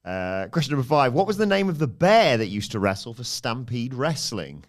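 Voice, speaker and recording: A man acting as quizmaster on a podcast, reading out questions and keeping score briskly. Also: medium pitch, big pitch swings. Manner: brisk, reads questions out clearly.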